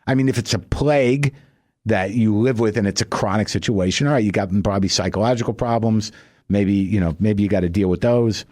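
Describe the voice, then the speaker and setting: A middle-aged man delivering a stand-up monologue, telling a wry story and leaping high and loud for his punchlines. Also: a little fast, no room sound, studio quality. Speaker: stand-up comedian.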